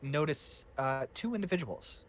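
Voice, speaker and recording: A man narrating a tabletop game as game master, unhurried and hesitant, with many fillers and restarts. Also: on the high side, expressive.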